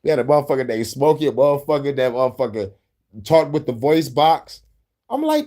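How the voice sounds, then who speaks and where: A man's voice: big pitch swings, brisk, mellow. A man hosting a show, giving casual, profane commentary on clips. He rambles and laughs often. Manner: rambling, laughs often, jumps into squeaky bits. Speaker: host reacting to clips.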